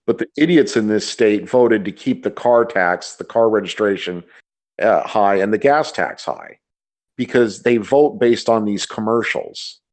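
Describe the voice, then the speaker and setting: A man's voice: fairly low pitch, animated, unhurried, darkish tone. A man co-hosting a casual podcast, giving strong opinions and often repeating words as he gets going. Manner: repeats words when starting sentences. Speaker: podcast co-host. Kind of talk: casual chat, opinionated rant.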